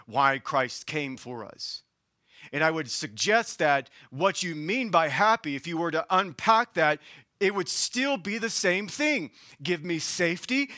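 A man with a Southern US accent preaching a sermon as pastor, passionately shifting between hushed and raised delivery. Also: a little high, dry recording, studio quality.

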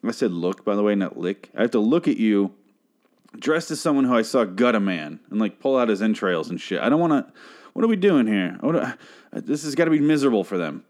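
A man's voice: on the low side, sing-song, a little fast, darkish tone. Ranting young man recapping a show. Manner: ranting, profane, exasperated.

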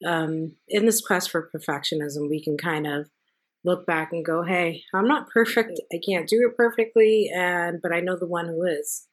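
A woman's voice: fairly low pitch, normal speed. A woman hosting a podcast, a mother, speaking in a reflective, earnest way while thinking aloud. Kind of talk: casual interview conversation.

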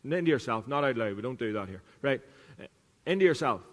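A man's voice: medium pitch, expressive, a little fast, big-room sound. A man preaching a sermon as pastor, earnest, repeating key lines for emphasis. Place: church.

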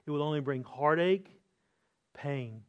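A middle-aged man preaching a sermon as a pastor, earnest, slowing down and lifting his voice on key words. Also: on the high side, clear, resonant tone, dull audio. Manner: earnest preaching, slows and lifts voice for emphasis.

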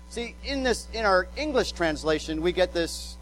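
A male pastor delivers a sermon in a notably high voice. He is emphatic, stumbles and repeats words as he presses his points, and slips into acted quotes. A faint mains hum sits under the recording. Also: moderate pace, hardly any pauses, fairly bright tone, poor audio.

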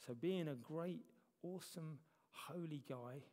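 A man's voice: a little high, measured pace, warm tone. A man preaching a sermon as a church elder, talking conversationally with self-deprecating humor. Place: church hall. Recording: long reverb of a church hall.

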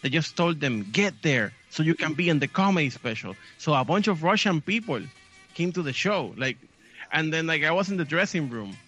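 Animated Puerto Rican comedian with a bright voice. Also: male voice, fairly high pitch, moderate pace, soft background music. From Puerto Rico. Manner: animated storyteller, acts out voices, swears freely. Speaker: comedian guest. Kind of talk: storytelling chat, then stand-up clip.

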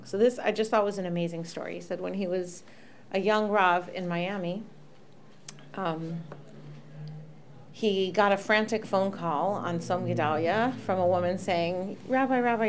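A woman's voice: on the low side, moderate pace, slight background noise. A woman in a casual discussion who tells a story and acts out the voices of the people in it. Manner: animated storyteller acting out quoted voices.

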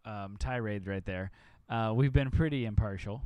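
A man's voice: lowish voice, normal speed, smooth, dry recording, muffled recording. A man co-hosting a podcast, talking casually with frequent restarts. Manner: conversational, hesitant restarts. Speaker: podcast co-host. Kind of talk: casual chat.

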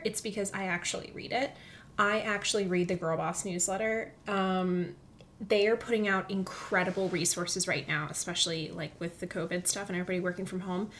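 A woman hosting a casual solo podcast from a comfy chair at home, chatty and excitable, often dropping to a near whisper. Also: on the low side, slight background noise. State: recovering from illness, walking with a limp. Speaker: podcast host. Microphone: studio microphone.

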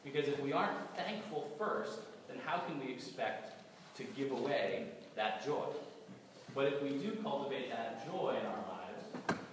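A New England-accented preacher with a cold delivers a sermon in a large church hall, his mid-pitched voice heard from far off amid reverberation and steady noise. At a measured pace he's conversational, wry and gently humorous, stumbling and repeating words.

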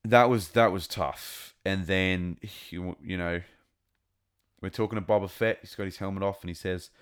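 A man giving a casual, rambling and excitable review of a TV episode. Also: low voice, normal speed, clear, resonant tone. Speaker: show reviewer.

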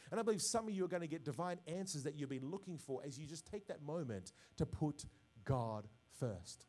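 A man preaching a sermon as pastor, swinging from quiet reflection to loud, emphatic bursts. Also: a little high, expressive, fairly quick. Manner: preaching with rising bursts of volume and call-outs.

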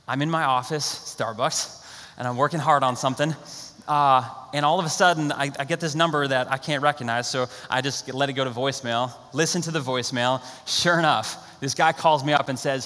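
A young man preaching a sermon as a pastor, telling stories with animated, acted-out quotes. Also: mid-range voice, brisk, long reverb tail. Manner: animated storytelling, acts out quotes.

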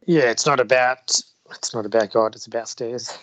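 A man's voice: medium pitch, fairly even intonation, moderate pace, fairly bright tone, highs cut off. A man co-hosting a podcast, playful and laughing at his own slips in casual chat. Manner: playful, stumbles and laughs at himself. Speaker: podcast co-host.

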